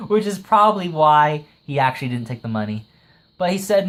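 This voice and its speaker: A man casually reviewing an anime episode, excitable, laughing often and leaning on "like" as he retells scenes. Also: a little high. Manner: retells scenes with quick acted quotes.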